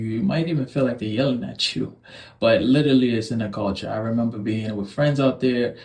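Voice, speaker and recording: A man from New York City gives travel tips in an earnest, emphatic way. His voice is dark and mellow. The recording is roomy, with a noticeable echo. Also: medium pitch. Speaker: travel video host. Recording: echoey room.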